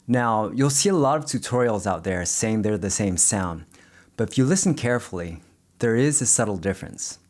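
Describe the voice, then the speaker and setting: A man teaching language pronunciation, speaking slowly and carefully and modeling single words clearly. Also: lowish voice, animated, a little mellow. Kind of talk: explaining pronunciation to the camera.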